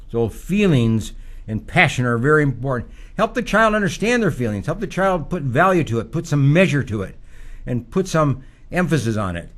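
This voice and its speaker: Lively, earnest older man giving parenting advice. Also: mid-range voice. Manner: earnest, repetitive, teacherly, with rising emphasis. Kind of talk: advice talk.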